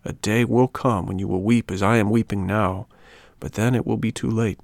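A man voicing a sorrowful donkey who warns in a hushed, mournful voice. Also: on the low side, steady tone, normal speed, vocal fry, no echo. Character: sorrowful weeping donkey, low and warning.

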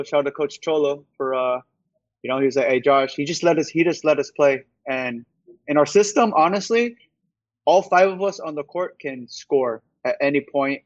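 A man's voice: mid-range voice, no echo. Laid-back young man, muffled lo-fi audio. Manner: laid-back, laughs often, many fillers. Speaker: basketball player guest. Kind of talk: casual interview chat.

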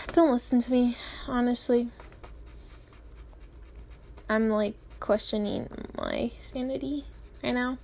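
A woman's voice: fairly high pitch, slow, gravelly, long pauses, a little mellow, a little hiss or hum. A teenage girl vlogging in a rambling, chatty way, often giggling and apologizing, with a sore, swollen-feeling throat. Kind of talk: casual chat.

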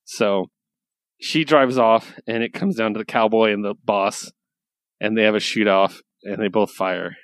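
Man, casual podcast co-host, low voice, rambling and excited, swears freely, dry close sound. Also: a little slow, clean tone, dry recording. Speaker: podcast co-host reviewing comics. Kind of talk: casual chat.

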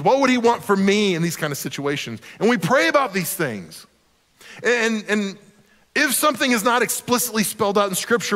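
A man's voice: high voice, fairly bright tone, big-room sound. A man pastor preaching a sermon in a conversational, earnest way, often repeating a word as he starts a sentence.

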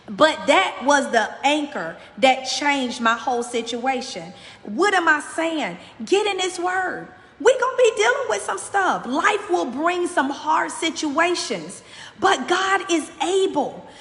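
A woman's voice: sits high, fairly bright tone, echoey room, big-room sound. A woman hosting a motivational faith podcast, giving a fervent, preacherly message straight to her listeners.

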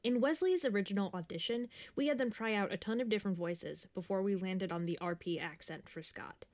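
A woman's voice: medium pitch, fairly quick. A woman who created the show, narrating a scripted introduction with dry, wry humor.

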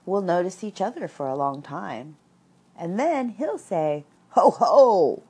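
A woman voicing Winnie the Pooh, a slow and thoughtful male bear, in a storybook reading. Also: on the low side, breathy edge, pitched above the performer's own voice, exaggerated voice. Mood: musing. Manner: calm, musing, encouraging. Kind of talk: storybook read-aloud.

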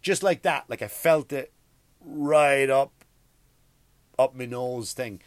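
A man's voice: medium pitch, takes it slowly, no room sound. Crude rambling Irish man ranting. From Ireland. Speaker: podcast host. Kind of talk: comedic rant.

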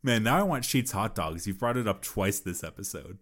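A man's voice: fairly low pitch, animated, a little fast, a bit bright. A man co-hosting a podcast in casual chat, easygoing and dry, laughing a lot. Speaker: podcast co-host.

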